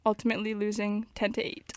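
A woman co-hosting a campus sports show, chatting in a relaxed way and adding insider details. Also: medium pitch, fast. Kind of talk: casual sports chat.

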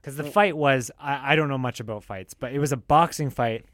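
A man's voice: mid-range voice, a little fast, a bit bright, no echo, clean studio sound. A man co-hosting a podcast, tossing in silly, jokey asides during casual banter. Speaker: podcast co-host.

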